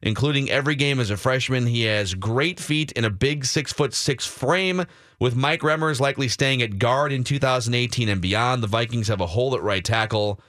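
A man's voice: medium pitch, normal speed, a bit bright, no echo, clean studio sound. Chatty male sports radio co-host. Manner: chatty, reads emails and mock drafts aloud. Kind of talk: casual sports radio banter. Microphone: studio microphone.

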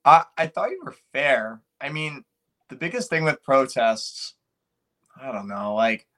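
A man's voice: medium pitch, lively intonation, unhurried, a bit bright. A man co-hosting a podcast, chatting casually and hesitantly, often restarting while searching for words. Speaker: podcast co-host.

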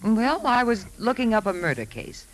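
An actress playing a sharp, inquisitive woman who writes for pulp magazines, talking in an insistent, probing way. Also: a little high, big pitch swings, moderate pace, a little hiss or hum, poor audio.

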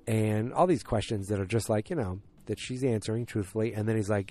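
A man's voice: fairly low pitch, fairly quick, warm tone. A man casually recapping a TV episode, rambling with many fillers and restarts, and speeding up at the tense parts. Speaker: TV show recapper.

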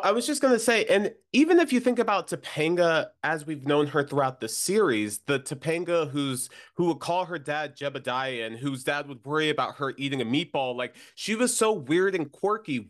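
A man co-hosting a podcast, talking casually and emphatically about a TV episode. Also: a little high. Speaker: podcast co-host. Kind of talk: casual TV recap chat.

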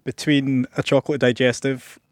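A man guesting on a podcast, relaxed and plain-spoken in casual chat. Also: mid-range voice, normal speed, no echo, studio quality.

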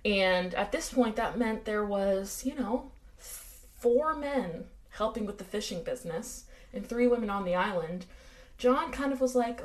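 American woman, podcast co-host, wry and chatty, mid-pitched. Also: lively intonation, measured pace. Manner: chatty, filler-heavy, wry asides. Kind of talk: casual true-crime chat.

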